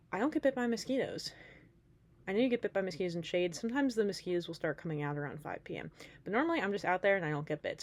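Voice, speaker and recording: A woman in her late twenties chatting casually to camera as a vlogger. She rambles, with many fillers and asides. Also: mid-range voice. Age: late 20s.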